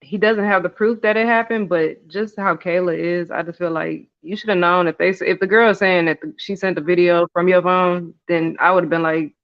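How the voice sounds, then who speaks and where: A man's voice: high voice, fairly even intonation, fairly quick, few pauses, clean tone. A man chatting casually as a recap co-host, thoughtful and hedging, with frequent "um"s. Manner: thoughtful and hedging, many "um"s and "I don't know"s. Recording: dull, lo-fi audio.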